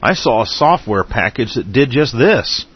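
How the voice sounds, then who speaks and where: A man's voice: medium pitch, big pitch swings, normal speed, breathy edge, no echo. A man with a weak, still-recovering voice, chatting as co-host on an internet radio show and stumbling over his words as he rambles. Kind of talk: casual internet radio chat. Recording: dull lo-fi call audio.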